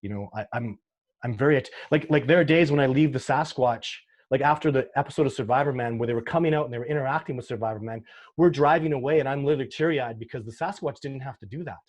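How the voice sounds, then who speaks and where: A man's voice: medium pitch, fast talker. Earnest man telling emotional stories. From Canada. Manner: earnest, emotional storyteller, many restarts. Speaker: sasquatch researcher guest. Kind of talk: casual interview talk.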